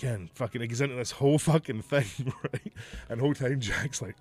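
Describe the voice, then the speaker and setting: A man's voice: medium pitch, a little fast, darkish tone, husky. Swearing, laughing man telling stories. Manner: profane, laughs often, storytelling. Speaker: podcast host, former wrestler. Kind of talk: casual chat.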